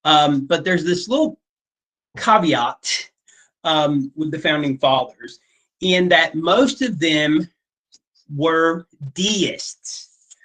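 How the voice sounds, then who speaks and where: A man's voice: a little high, drawn-out words, pauses often, a bit bright, rough recording. A male teacher giving a casual classroom lecture, chatty and full of fillers, often checking in with "okay?".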